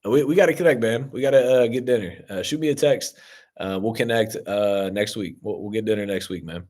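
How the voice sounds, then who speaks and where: A man's voice: on the low side, fairly quick, a little mellow. A man coaching on real estate investing as he answers viewer comments in a casual live-stream Q&A, talking loosely with many fillers and an upbeat tone toward his viewers. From Ohio.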